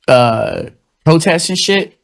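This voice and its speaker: A young man hosting his own show, delivering a loose, profane, rambling comedic monologue and slipping into quick mocking voices. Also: fairly high pitch, animated. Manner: loose, profane, rambling storytelling with shifting vocal impressions. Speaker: host of a comedic commentary show.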